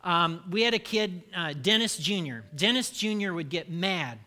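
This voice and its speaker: A man's voice: sits high, animated, moderate pace, bright, forceful tone. A middle-aged man preaching a sermon, telling candid, self-deprecating stories about himself. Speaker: pastor.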